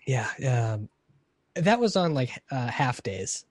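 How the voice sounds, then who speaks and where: A man's voice: mid-range voice, big pitch swings, slow, darkish tone, dry recording. A man in his twenties, a podcast guest in casual chat, laughing and self-mocking as he talks.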